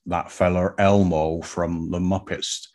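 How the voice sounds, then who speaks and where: A man's voice: low voice, level tone, slow pace, a little mellow. A man playing a pompous pasty. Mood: boastful. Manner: pompous, grandly self-assured. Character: Tristan the Cornish pasty, cool-headed, worldly wise, male. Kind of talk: comic improvised game show.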